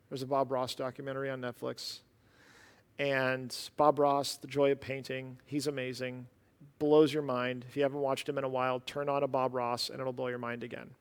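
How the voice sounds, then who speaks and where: A man preaching a sermon, animated and conversational, with casual asides. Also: medium pitch, big-room sound. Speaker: pastor.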